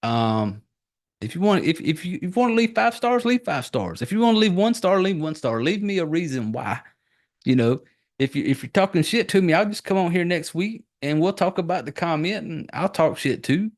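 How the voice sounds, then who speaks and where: A man's voice: high-pitched, animated, normal speed. A man hosting a podcast, talking in a crude, profane, rambling way with lots of fillers and restarts. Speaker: podcast host. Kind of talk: casual rambling podcast monologue.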